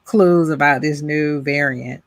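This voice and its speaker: A woman's voice: deep voice, a little slow, no room sound. A woman co-hosting a podcast, chatting casually about a show, laughing often and acting out quotes from it. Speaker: podcast co-host. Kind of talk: casual review chat.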